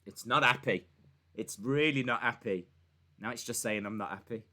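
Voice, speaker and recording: A man with a bright, forceful voice of medium pitch and moderate pace chats loosely on a live stream, reacting to wrestling and reading chat. He rambles with frequent fillers and restarts and jokes with viewers while talking back to his voice assistant.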